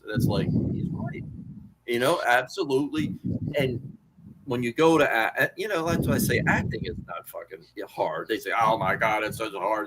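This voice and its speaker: A man in his sixties telling wrestling stories as an interview guest, animated and profane, jumping to much higher pitch when riled. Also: normal speed, background noise. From Washington D.C. area. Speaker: interview guest, wrestling author and former manager. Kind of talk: casual storytelling interview.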